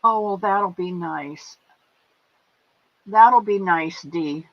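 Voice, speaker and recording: Woman stream host, unhurried and doting, dull lo-fi audio. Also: on the low side, no echo. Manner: affectionate, calls viewers pet names. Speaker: livestream host. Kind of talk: casual chat greeting viewers and reading comments.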